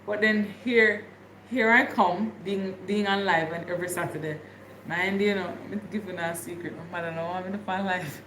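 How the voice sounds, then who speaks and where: A woman's voice: medium pitch, fairly even intonation, moderate pace, a bit bright, reverberant, a little hiss or hum. A woman from Jamaica with a Jamaican accent, chatting casually with viewers on her livestream and laughing often. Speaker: livestream host.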